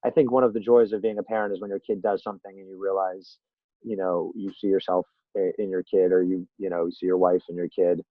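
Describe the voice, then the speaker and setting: A man's voice: low voice, flat delivery, fast, no room sound. A man as a podcast guest in casual interview chat, a rambling, self-deprecating storyteller who acts out quotes. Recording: tinny phone-line sound, dry.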